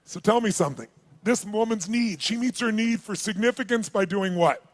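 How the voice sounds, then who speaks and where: A man's voice: high voice, moderate pace. A man giving a motivational seminar, animatedly telling a story, acting out its dialogue and calling on the audience. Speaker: motivational speaker.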